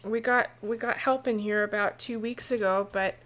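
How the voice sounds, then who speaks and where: A woman's voice: medium pitch, fairly even intonation, a bit bright, natural voice. A woman voicing a worried adult woman who halts and stumbles while welcoming guests in a tabletop game. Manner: flustered, halting. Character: anxious grown woman host, strained politeness.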